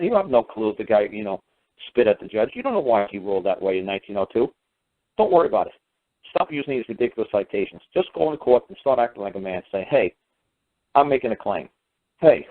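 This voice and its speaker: On his radio show, a man with a mid-range voice rants bluntly and fast about a run-in with officials, acting out both sides in quoted exchanges, swearing casually and scoffing. It comes through as dry phone-line radio audio.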